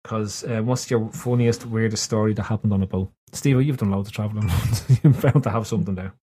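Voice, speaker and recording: A man's voice: on the low side, steady tone, fairly quick, dark tone, slight background noise. A man hosting a podcast, asking his friends questions and teasing them in casual banter. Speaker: podcast host.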